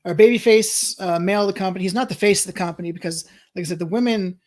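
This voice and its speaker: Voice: medium pitch, rapid-fire, a little mellow. Rambling let's-play streamer thinking aloud. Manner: rambling and thinking aloud, with frequent restarts and chuckles. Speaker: streamer playing a wrestling management game. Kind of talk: casual let's-play commentary, reading chat.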